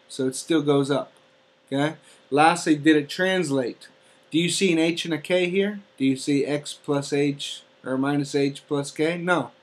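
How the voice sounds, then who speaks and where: A man teaching an algebra lesson step by step, often checking in with "okay?". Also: medium pitch. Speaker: math teacher. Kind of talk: classroom math lesson.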